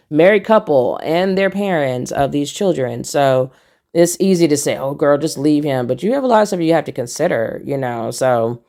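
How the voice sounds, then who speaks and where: A woman's voice: low voice, darkish tone. A young woman giving casual, emphatic commentary as a vlogger, repeating herself for emphasis and talking straight to her viewers.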